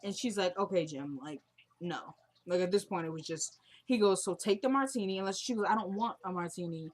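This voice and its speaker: A woman's voice: medium pitch, a little fast. A young woman casually recapping a TV drama episode, retelling scenes and quoting the characters in a chatty way.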